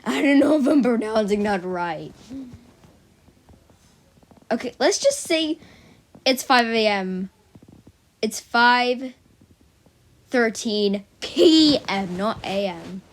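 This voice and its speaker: Slow-talking young girl vlogger, rambling. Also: on the high side, animated. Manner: rambling, silly, full of "like" fillers. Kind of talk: casual rambling vlog chat.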